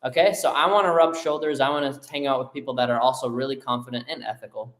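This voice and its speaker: A man's voice: mid-range voice, steady tone, quick pace, a bit bright. A man with a mid-range voice speaking firmly and with drive, co-hosting a motivational live stream. He backs up his partner's points with conviction. His voice rings in an echoey room. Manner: firm, affirming, driven. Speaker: co-host. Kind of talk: motivational live show talk.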